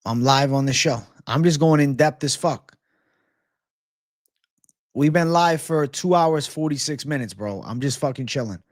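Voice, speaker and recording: A man's voice: mid-range voice, unhurried, dry recording, clean studio sound. A man hosting a live sports betting show, chatting casually and swearing freely while he talks straight to his live chat. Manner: laid-back, slangy, swears freely.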